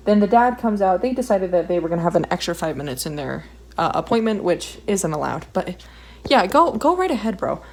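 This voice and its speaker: A woman's voice: fairly low pitch, sing-song, brisk, darkish tone, low-quality recording. A young woman telling a story while she draws, ranting and swearing in an exasperated, casual way. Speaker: vlogger.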